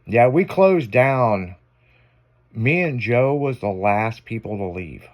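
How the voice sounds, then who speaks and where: A man's voice: mid-range voice, expressive, takes it slowly. A man hosting a casual afternoon radio show, telling a story with lots of swearing and acted-out quotes.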